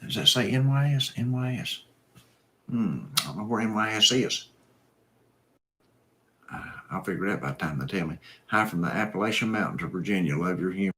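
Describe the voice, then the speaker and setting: A man's voice: low-pitched, lively intonation, a little fast, pauses often, sharp tone. A man hosting a live stream, reading viewer comments and chatting in an easygoing, folksy, rambling way. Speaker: host.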